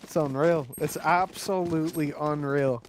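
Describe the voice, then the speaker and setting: A man's voice: a little high, fairly even intonation, unhurried, slight background noise. A man with an Irish accent, commentating an esports match in a chatty, joking way with frequent laughs. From Ireland. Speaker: esports caster.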